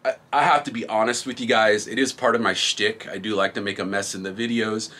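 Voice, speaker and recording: This graffiti product reviewer and shop host, a middle-aged man, has a low, sharp-toned voice with fairly even intonation and a fairly quick pace. He's relaxed and rambling as he reads viewer comments, laughing frequently.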